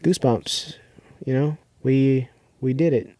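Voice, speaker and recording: A man co-hosting a podcast in a loose, rambling way, his voice warm and mellow at an everyday pitch. He leans on fillers and slips into quick quoted bits. The sound is close and dry. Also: dry recording. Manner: rambling retelling with filler words and acted-out quotes. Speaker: podcast co-host. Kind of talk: casual chat.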